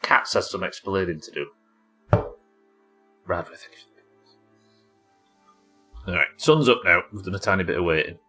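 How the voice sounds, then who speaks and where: A man streaming a game live, commenting excitably and swearing as he plays. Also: sits low, moderate pace, pauses often, soft background music. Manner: excitable, sweary, talking to himself.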